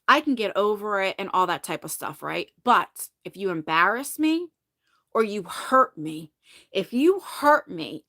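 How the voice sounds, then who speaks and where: Bright-voiced chatty woman vlogger. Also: on the high side. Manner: chatty, emphatic, frequent "you know what I mean". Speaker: beauty vlogger. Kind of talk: casual chat to a live audience.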